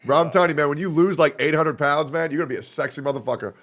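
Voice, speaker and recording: A man's voice: fairly high pitch, fast, fairly bright tone. A man hosting a live stream, chatting casually and teasing his guests on a group call. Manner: joking, teasing banter. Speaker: streamer host.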